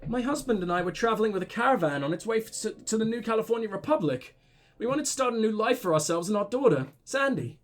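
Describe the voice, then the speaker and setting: A man's voice: high-pitched, animated, quick pace. A man reading as a grieving young widow. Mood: sorrowful. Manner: plain dialogue-reading.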